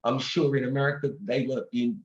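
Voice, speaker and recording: Older english man, sixties, lively storyteller, laughs a lot, echoey room, muffled dull audio. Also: medium pitch, fast talker. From England. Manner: animated storyteller, laughs often. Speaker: guest singer. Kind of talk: casual interview chat. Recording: roomy, dull-sounding audio.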